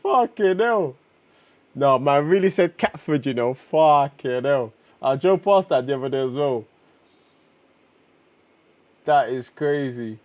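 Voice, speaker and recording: A man, chatting casually on a live stream while reading comics, slangy and excitable as he reacts to chat. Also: medium pitch, takes it slowly, pauses often, no room sound.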